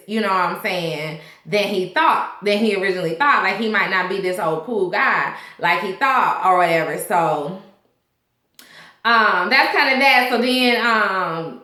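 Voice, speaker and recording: A woman with a high, bright voice chats through a recap of a TV episode in loose, slangy talk. She keeps tossing in asides to her viewers. Her voice rings in an echoey room. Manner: chatty, slangy, full of "you know what I'm saying". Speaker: TV show reviewer.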